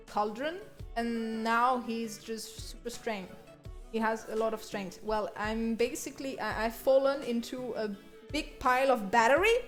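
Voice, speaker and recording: A young French woman with a French accent, chatting casually on her art live stream, bubbly and quick to laugh. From France. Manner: bubbly, laughs often, slips into squeaky bursts.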